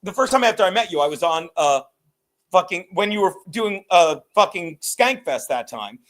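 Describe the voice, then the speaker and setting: A man hosting a podcast in casual chat, swearing and working himself up into loud rants. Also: sits high, moderate pace. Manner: excitable, swearing, rising to shouted rants. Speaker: podcast host.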